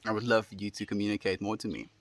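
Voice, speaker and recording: A man's voice: lowish voice, rapid-fire. Friendly man chatting on a livestream. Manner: relaxed and friendly, many fillers, laughs often. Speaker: livestream host reading chat. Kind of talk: casual chat.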